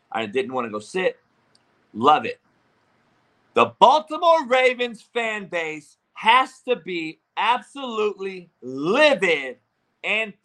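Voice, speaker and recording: A man ranting in profane, combative sports talk, with shouting bursts. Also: fairly high pitch. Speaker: sports commentator.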